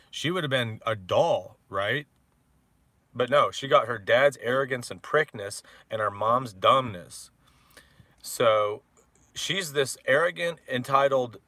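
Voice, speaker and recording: A man's voice: on the low side, pushed and bright, no room sound. A man in his forties ranting about his ex-wife with profane, mocking, heated talk full of filler words. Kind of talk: rambling personal rant.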